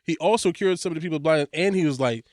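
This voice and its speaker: A man's voice: fairly high pitch, fast, a little mellow, no room sound, clean studio sound. A man co-hosting a casual podcast chat, rambling through restarts and swearing freely. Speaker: podcast co-host.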